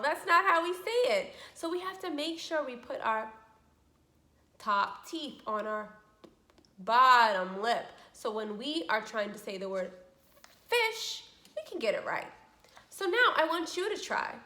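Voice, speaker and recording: Slow, animated woman teaching speech sounds. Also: on the high side, reverberant. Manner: slow, exaggerated, encouraging teacher talk. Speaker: speech therapist. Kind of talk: children's speech lesson.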